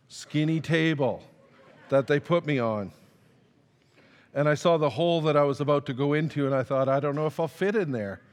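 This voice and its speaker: A man preaching a sermon, telling a personal story in a conversational, self-deprecating way and acting out the dialogue. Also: medium pitch. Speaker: pastor. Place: church sanctuary. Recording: long reverb of a large hall.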